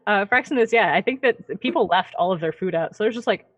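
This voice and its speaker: A woman's voice: mid-range voice, animated, quick pace, no room sound, muffled recording. Woman game master, chatty and dry. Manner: chatty, laughing, many fillers. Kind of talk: narrating a tabletop game.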